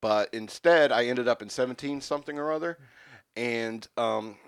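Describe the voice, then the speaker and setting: Deadpan man spinning a rambling tall tale. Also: medium pitch, normal speed, clean tone, dry recording. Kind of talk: improvised comedic storytelling.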